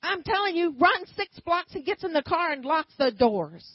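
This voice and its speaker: A woman preaching a sermon and telling a personal story, swinging from quiet asides to loud emphatic bursts. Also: extremely high pitch, big pitch swings, moderate pace, no room sound, muffled recording.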